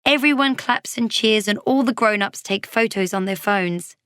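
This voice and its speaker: A woman reading a children's storybook aloud, gently and expressively in a child's voice of narration. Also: mid-range voice, moderate pace, clear, resonant tone, no room sound, clean studio sound.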